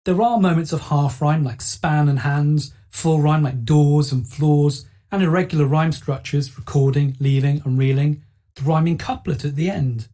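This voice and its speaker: Woman, teacher narrator, soft mellow tone with a husky edge, clear explanatory delivery. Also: sits low. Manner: clear explanatory, rhetorical questions. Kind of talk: scripted lesson narration.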